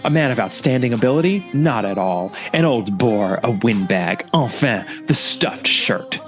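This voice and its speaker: A man's voice: mid-range voice, expressive, a little slow, faint music behind, close to an everyday voice. A man doing a scornful old Belgian detective. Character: fussy older male Belgian detective, scornful.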